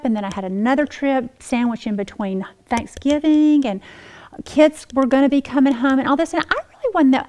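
A woman's voice: fairly high pitch, rough recording. Woman giving emotional testimony. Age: middle-aged. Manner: emotional storytelling, swings between hushed and animated. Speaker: women's Bible teacher. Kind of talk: personal testimony lesson.

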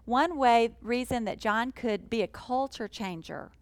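A woman teaching a sermon in an earnest, emphatic way, slowing down to stress key phrases. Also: fairly high pitch, no echo, poor audio. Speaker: Bible teacher.

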